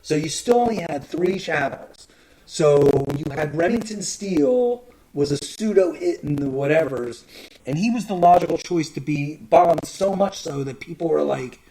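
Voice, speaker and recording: A man in a casual, rambling monologue, often clearing his throat and swearing. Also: on the high side, animated, unhurried, warm tone, low-quality recording.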